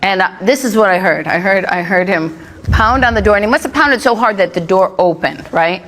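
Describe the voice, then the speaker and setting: A woman's voice: medium pitch, expressive, a little fast. A middle-aged woman doing a stand-up routine on a club stage, telling punchy, brash stories and working the crowd. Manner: brash, punchy storytelling with jokes landing to laughter. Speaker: stand-up comedian. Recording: live club recording with loud crowd laughter. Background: loud audience laughter.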